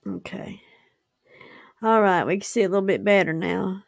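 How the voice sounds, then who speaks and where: Woman, livestream host, giggly and gushing, unhurried talk, dry close sound. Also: on the high side, gravelly, no echo. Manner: effusive and giggly, laughs often. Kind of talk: casual livestream chat.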